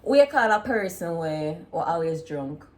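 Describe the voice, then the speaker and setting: A woman with a Jamaican accent hosting a casual video chat, relaxed and laughing often as she slips into patois. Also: fairly low pitch, unhurried, a little hiss or hum. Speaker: vlog host. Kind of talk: casual chat comparing dialects.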